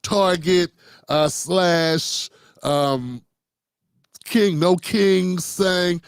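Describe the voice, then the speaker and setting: Guy with a high voice riffing on politics, blunt and cussing, lots of restarts, dead dry mic. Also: extremely slow, clear, resonant tone, dry recording. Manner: blunt, profane, rambling with many restarts. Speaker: political commentary host. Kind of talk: unscripted political commentary.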